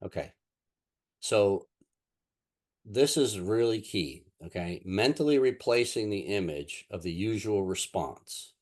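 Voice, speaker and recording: A man's voice: fairly low pitch, animated, takes it slowly, darkish tone. A man teaching a casual lesson on mind techniques, telling anecdotes in a rambling way with lots of fillers and restarts. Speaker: NLP instructor.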